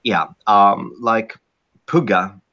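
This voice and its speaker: A man's voice: fairly low pitch, extremely slow, pushed and bright, dull audio. A Swedish man speaking English with a Swedish accent, chatting casually on a podcast with many fillers and restarts. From Sweden. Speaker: guest.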